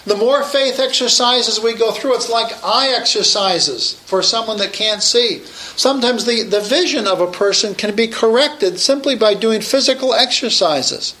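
A man's voice: high-pitched, moderate pace, few pauses, bright, forceful tone, roomy sound, poor audio. A man preaching a sermon, emphatic and raising his voice to proclaim his points.

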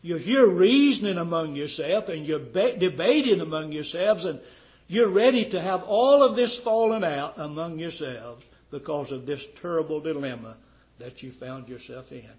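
A man preaching a sermon with fervor, firing rhetorical questions at his congregation and swinging from loud declarations to quiet, dropped endings. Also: a little high, expressive, normal speed, rough recording. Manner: fervent, rhetorical questions, wide swings in loudness.

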